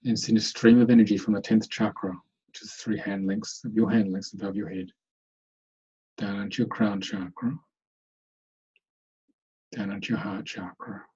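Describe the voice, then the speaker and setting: A man leading a guided meditation in an online webinar, giving slow, soothing instructions. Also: lowish voice, little pitch movement, mellow, slightly rough, muffled recording. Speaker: meditation teacher.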